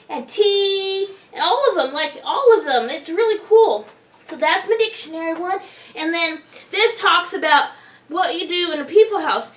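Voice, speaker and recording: Through a comedy sketch, a woman with a very high, girlish voice rambles in an excited, naive way. She sounds distant from the microphone, and the roomy space adds a noticeable echo.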